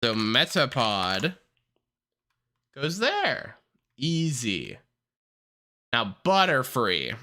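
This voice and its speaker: A streamer ranking characters in casual livestream commentary, excitable and heavily profane, swinging between ranting and laughing. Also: mid-range voice, very slow, pauses often.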